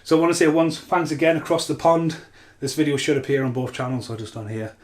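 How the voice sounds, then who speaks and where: A man's voice: fairly high pitch, steady tone, quick pace. A man hosting his channel, chatting casually in a rambling, self-mocking way. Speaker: channel host. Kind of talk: casual chat.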